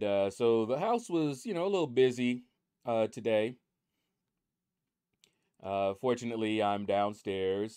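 A man's voice: fairly low pitch, darkish tone, clean tone, no room sound, studio quality. A man hosting his mobile game channel, chatting in a rambling, easygoing way from a room at home. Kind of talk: casual chat over game leaderboards.

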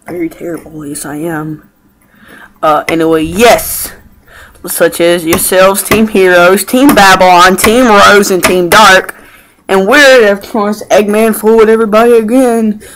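A man hosting an improvised fan comedy show as a mock TV host, rambling and excitable with mild cursing. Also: high-pitched, measured pace, slight background noise, low-quality recording.

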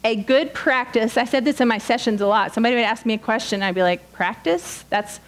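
A woman's voice: on the high side, steady tone, fast, low-quality recording. A woman giving a sermon at a women's retreat, earnest and direct, teaching with quoted asides. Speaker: retreat speaker. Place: retreat session hall.

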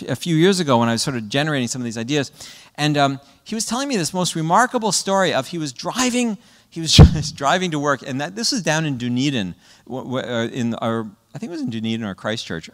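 Lively male lecturer in an echoey hall. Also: mid-range voice. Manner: animated storyteller, often tags "right?", acts out children. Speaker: guest speaker. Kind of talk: public lecture to parents. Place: presentation hall.

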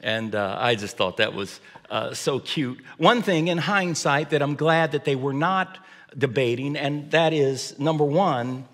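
A man's voice: mid-range voice, measured pace, a bit bright. A middle-aged man preaching a sermon as a pastor, telling family stories with humor and frequent fillers like "uh" and "um.". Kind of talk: sermon with storytelling. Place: church sanctuary. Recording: long hall reverb.

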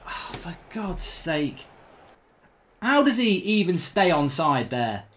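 A man's voice: a little high, very animated, slow pace, fairly bright tone. Exasperated man commentating gameplay. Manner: exasperated, swearing, groaning at his team. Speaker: gaming channel host.

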